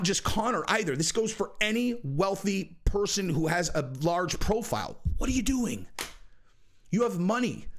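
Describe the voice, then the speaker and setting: A man hosting a commentary video, ranting bluntly and firing off exasperated rhetorical questions, sometimes breaking into shouts. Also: sits high. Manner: jumps to shouting in outbursts. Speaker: commentary channel host. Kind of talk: animated commentary rant.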